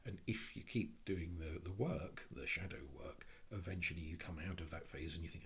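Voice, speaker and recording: A man giving a reflective spoken talk on psychology, thinking aloud in a halting way with frequent restarts. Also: deep voice, slight background noise. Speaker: speaker on Jungian psychology.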